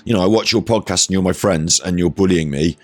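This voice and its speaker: Low-voiced sweary British man. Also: quick pace, no echo, soft background music. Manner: sweary, mocking, chatty. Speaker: streamer reacting to podcast clips. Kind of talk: casual stream commentary.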